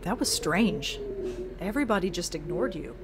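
A woman's voice: lowish voice, lively intonation, normal speed, background noise, lightly acted. Woman playing a wary young medium, guarded, puzzled, adventure game dialogue. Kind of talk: video game voice acting.

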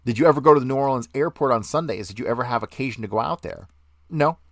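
A man's voice: medium pitch, fast talker, no echo, studio quality. A man reading aloud a transcript of grand jury testimony, taking both the questioner's part and the witness's part in the same voice. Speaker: podcast host.

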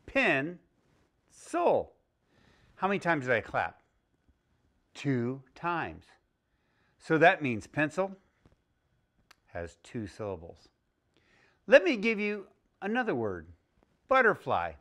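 A man teaching young children a phonics lesson, speaking slowly and clearly with an exaggerated teaching delivery. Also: a little high, huge pitch swings, bright, forceful tone. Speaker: early-learning teacher.

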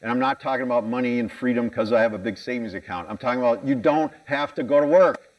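A fast-talking American man with a medium-pitched voice gives a keynote in a conference hall, candid and self-mocking, firing questions at the audience. The lo-fi audio comes from a distant mic.

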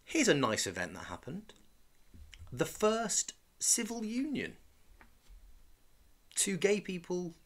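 A man in his thirties co-hosts a podcast, chatting casually and reading out events with dry jokes. His voice is high with wildly swooping pitch, and he speaks slowly, pausing often.

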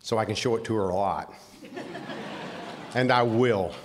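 A man's voice: fairly low pitch, unhurried, noisy background. An older man with a Southern US accent, speaking at an awards ceremony in a plainspoken, folksy storytelling manner. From Southern United States. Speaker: award recipient speaking for his wife. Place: large convention hall. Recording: reverberant hall sound.

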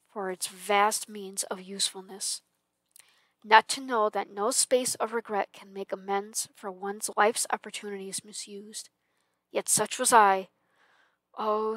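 A woman's voice: medium pitch, no room sound, lightly acted. A woman voicing the tormented, chained ghost of an old businessman in a storybook reading, mournful and declaiming. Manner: mournful, declaiming with swells of loudness.

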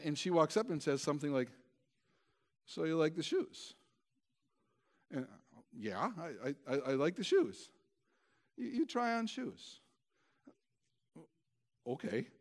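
A male pastor preaching a storytelling sermon in a conversational, self-deprecating way, with many stammered restarts. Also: fairly high pitch.

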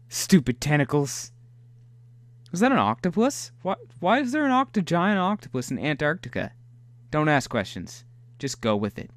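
A young man giving live gameplay commentary, talking to himself, excitable and swearing often. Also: a little high, moderate pace. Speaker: gaming video host.

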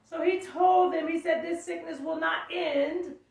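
A woman's voice: very high-pitched, fairly even intonation, measured pace, creaky. A woman teaching a sermon, reading scripture aloud and stopping to explain it, often calling out. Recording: echoey room, mic far off.

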